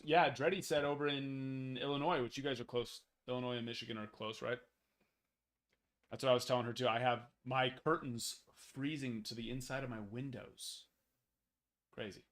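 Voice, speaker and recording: A man hosting a card break live stream, chatting casually and playfully, and cooing gently to a child at home. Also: medium pitch, steady tone, moderate pace, long pauses.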